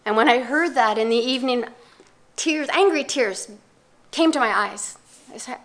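Older woman, slightly high voice, reflective personal storytelling talk, measured delivery with pauses. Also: a bit bright. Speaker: speaker giving a talk.

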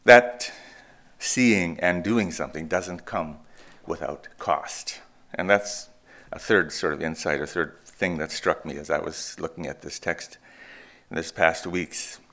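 Deep-voiced man preaching a sermon. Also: a bit bright. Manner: reflective, emphatic preaching with pauses and restarts. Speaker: pastor.

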